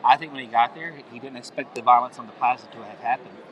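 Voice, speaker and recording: A man's voice: mid-range voice, fast talker, muffled recording. A man as a guest on a live stream, explaining his point in an insistent, argumentative way. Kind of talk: interview.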